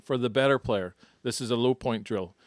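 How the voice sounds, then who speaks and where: A man coaching golf on a podcast, laying out his tips patiently and in order. His voice sits at a mid pitch and is recorded close and dry, with no room sound at all. He sounds casual and chatty. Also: normal speed, dry recording. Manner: explanatory, teaching step by step.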